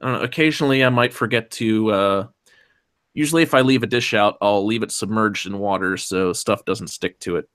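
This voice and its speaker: A man's voice: lowish voice, normal speed, fairly bright tone, clean tone. Young male streamer; loose, rambling chat with frequent swearing. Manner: rambling, swears often, hums fillers. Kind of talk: casual chat with stream chat and co-host.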